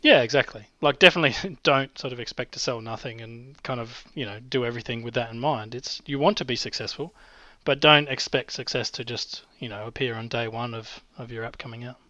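A man's voice: medium pitch, fairly quick, hardly any pauses, sharp tone, dry recording. An Australian man with a cold gives frank, plain-spoken advice as a podcast guest. His voice comes through a dull, lo-fi remote line with a very dry sound. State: has a cold. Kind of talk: casual podcast chat.

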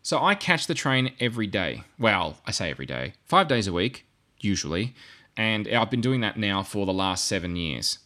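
Guy rambling on a podcast, catches himself and corrects, punchy bright voice. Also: lowish voice, big pitch swings, normal speed. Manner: rambling and self-correcting, with asides. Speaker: podcast co-host. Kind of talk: casual podcast discussion.

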